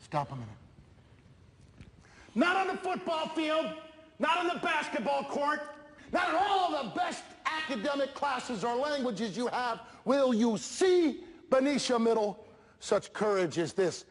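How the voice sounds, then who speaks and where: A man giving an energetic motivational speech to students at a school assembly, swinging between shouting and soft, intimate coaching. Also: very high-pitched, unhurried, slight background noise. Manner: coaching, encouraging, preachy. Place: large school hall with a live student audience. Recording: echoey hall with a cheering crowd.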